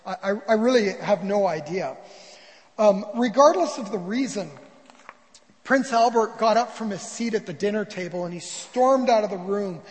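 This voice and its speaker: A man's voice: sits high, moderate pace, big-room sound, rough recording. A man preaching a sermon as a pastor, telling a story and acting out the quoted voices.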